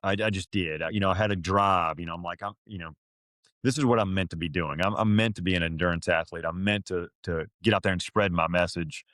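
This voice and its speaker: A middle-aged man from Florida, a podcast guest telling an emotional story in a halting way, full of fillers and restarts, and choking up at times. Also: sits low, fairly bright tone, dry recording. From Florida, USA.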